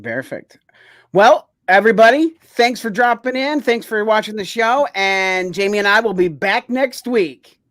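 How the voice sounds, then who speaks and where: A man's voice: sits high, a little slow, fairly bright tone, no room sound. A man co-hosting a podcast, telling a story in casual chat with rambling phrasing. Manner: rambling, many "like" fillers. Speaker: podcast co-host.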